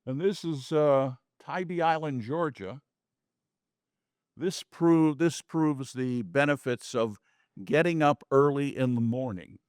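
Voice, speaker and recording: A man's voice: medium pitch, slow pace, clean tone, no room sound, studio quality. A man giving a casual slide talk about his photographs to a small audience, chatty, with folksy asides and jokes. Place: community meeting room.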